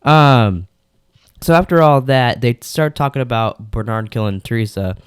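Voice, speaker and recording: A man's voice: mid-range voice, moderate pace, clear, resonant tone, dry recording, studio quality. Casual joking male podcast host. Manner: joking, rambling, does silly voices. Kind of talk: casual chat.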